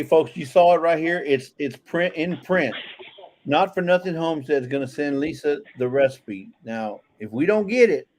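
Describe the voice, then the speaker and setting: A man's voice: fairly high pitch, darkish tone. A man casually chatting on a livestream, reading out viewer comments, joking, and talking with frequent restarts. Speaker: livestream co-host.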